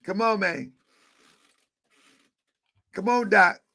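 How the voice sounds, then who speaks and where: A man hosting a live online show, chatting casually, with a repetitive, excitable, joking manner. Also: high voice, extremely slow, vocal fry. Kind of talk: casual livestream chat.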